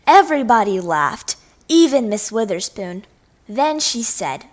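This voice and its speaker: Woman, children's story read-aloud, slow, expressive, playful sound effects. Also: fairly high pitch.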